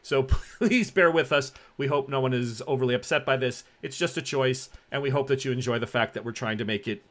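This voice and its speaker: A man's voice: medium pitch, brisk, few pauses. A man narrating a tabletop role-playing game as game master, rambling through descriptions with many fillers.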